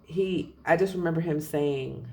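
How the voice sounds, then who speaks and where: Rambling as they go, a tarot reader lays out a reading in a relaxed way, repeatedly correcting themself and giving soft laughs. Their mid-range voice is creaky and unhurried.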